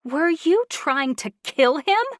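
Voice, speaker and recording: A woman's voice: animated, takes it slowly, no echo, studio quality. A woman voicing an anxious young assistant. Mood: indignant. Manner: high, urgent, reassuring.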